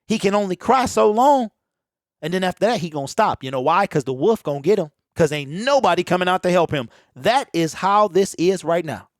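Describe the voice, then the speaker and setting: High-voiced guy ranting about football on his home mic, super lively ups and downs, preachy and slangy. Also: a little fast, no echo, studio quality. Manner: animated, preachy, talks straight to viewers with slang. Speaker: sports commentary host. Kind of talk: opinionated solo sports commentary. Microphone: home desk mic that pops.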